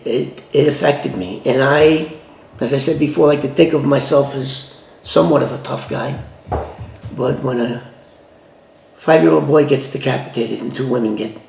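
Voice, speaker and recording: A man from the Bronx, telling a true story from his past in a loose, halting way with many restarts. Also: mid-range voice, vocal fry, a little mellow, slight background noise. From the Bronx, New York. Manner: loose, halting retelling with restarts and street phrasing. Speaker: former FBI informant recounting a case. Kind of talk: conversational first-person storytelling. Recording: roomy echo.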